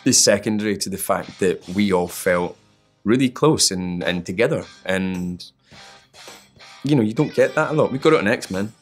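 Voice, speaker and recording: A male actor answers press questions playfully and with emphasis, his voice sitting a little low. Faint music runs underneath. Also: normal speed. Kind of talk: press interview.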